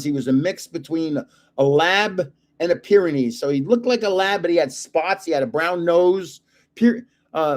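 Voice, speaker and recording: An older man, a grandfather hosting his own channel, chatting casually and telling rambling stories with plenty of pauses. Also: fairly high pitch. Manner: rambling storyteller with fillers. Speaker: host of a card channel. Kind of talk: casual livestream chat.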